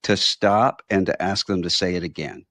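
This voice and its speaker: A very deep, gravelly male host asks questions in a thoughtful, halting way, often repeating words. The sound is dry and close to the mic, with no room echo. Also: a bit bright. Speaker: podcast host. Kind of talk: podcast interview, asking questions.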